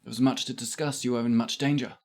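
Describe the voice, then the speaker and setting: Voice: medium pitch, steady tone, quick pace, natural voice. A game master playing a stern, formal man who guards a young ward. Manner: formal, clipped.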